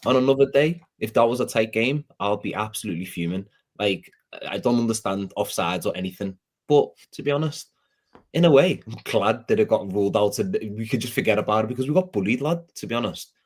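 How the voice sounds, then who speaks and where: A man's voice: on the low side, expressive, fairly quick. A man with a Scouse accent in a casual football fan chat, rambling, rueful and self-deprecating.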